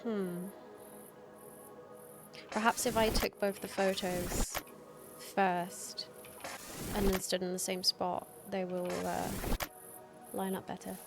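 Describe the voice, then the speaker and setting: A woman's voice: mid-range voice, flat delivery, slow, pauses often. A woman streaming a video game, talking through the puzzles in casual commentary, thinking aloud and trailing off mid-sentence. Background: game music.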